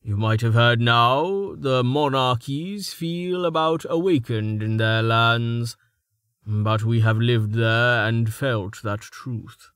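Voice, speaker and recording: A man voicing a calm, controlled male character who speaks firmly in an audiobook. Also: medium pitch, slow pace, no echo, clean studio sound, natural voice. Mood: stern. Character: calm male traveller with restrained anger.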